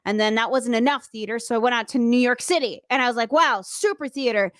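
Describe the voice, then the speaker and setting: A woman's voice: a little high, fairly even intonation, fast talker, no room sound, clean studio sound. A woman from the United States, a radio host, chatting in an interview in a bubbly, playful way and laughing easily. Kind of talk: casual interview chat.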